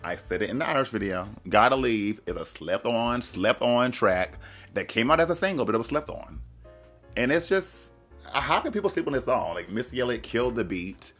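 A man's voice: mid-range voice, sing-song, moderate pace, a bit bright. A young man giving casual music reaction commentary, gushing and slangy, breaking into snippets of the songs he plays. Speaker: YouTube reviewer.

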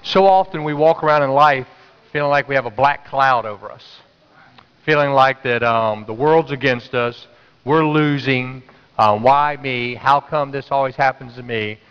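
A man preaches a Sunday sermon in a big church hall, and his voice trails off in a long echo. He sits in the middle of the range in pitch and talks casually. He tells everyday stories and keeps urging the congregation to say things back. The recording sounds a bit dull. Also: moderate pace, clear, resonant tone. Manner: conversational storytelling, urging the congregation to respond. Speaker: pastor. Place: church sanctuary.

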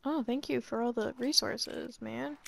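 Slow-talking chatty woman gamer, swearing. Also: a little high, steady tone, vocal fry, a bit bright. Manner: chatty, profane, teasing, laughs often. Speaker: gameplay streamer. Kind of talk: casual gameplay commentary.

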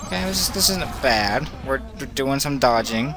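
A man giving casual, excitable commentary while playing a video game, talking to the character on screen and swinging between groans and cheers. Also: medium pitch, normal speed. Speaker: let's play commentator. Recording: game music playing loud behind voice. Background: game music.

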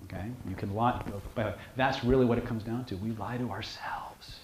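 A man's voice: fairly low pitch, fairly quick. A man teaching a seminar on hypnosis and lie detection, blunt and joking, often asking "okay". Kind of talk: casual seminar lecture to a live group. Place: seminar room with audience. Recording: echoey room, faint noise.

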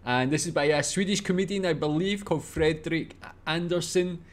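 A Scottish man hosting a reaction video, chatting casually and reacting in an excitable, laughing way. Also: fairly high pitch, normal speed. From Scotland.

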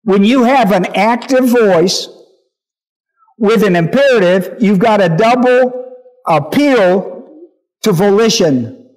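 Male pastor, high voice, emphatic Bible teaching, repeats points and checks the room. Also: lively intonation, slow, pauses often, a little mellow. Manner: emphatic, repeats key phrases, checks listeners' understanding.

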